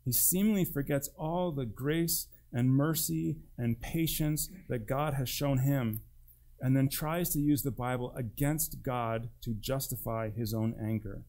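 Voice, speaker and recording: A man's voice: mid-range voice, a little slow, dark tone. A man preaching a sermon as pastor, with an emphatic delivery that swings between rising and dropping.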